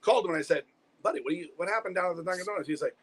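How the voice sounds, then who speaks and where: A man's voice: high voice, very fast, breathy edge. A middle-aged man, co-hosting a casual talk show, blunt and profane as he tells stories. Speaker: podcast co-host. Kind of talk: casual chat.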